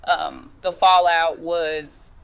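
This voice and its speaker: A woman with a slightly low voice tells her own story like she's talking to a friend. She speaks in a dialect flavor and drops in "girl" and "chile" as she goes. Her delivery is loose and conversational. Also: fairly even intonation, drawn-out words, creaky, clean tone. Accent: African American English. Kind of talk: first-person storytelling.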